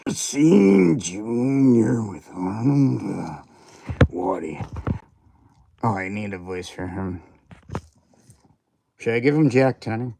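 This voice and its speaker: A man's voice: fairly low pitch, animated, takes it slowly, creaky, pauses often, mellow. A man hosting a casual livestream, rambling and self-mocking as he reads viewer comments aloud. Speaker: livestream host. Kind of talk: casual livestream chat while unboxing.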